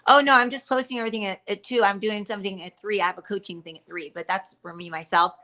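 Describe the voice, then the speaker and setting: Fast-talking bright-voiced woman. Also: medium pitch. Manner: rambling, animated storytelling with laughs and restarts. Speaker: co-host. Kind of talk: casual chat.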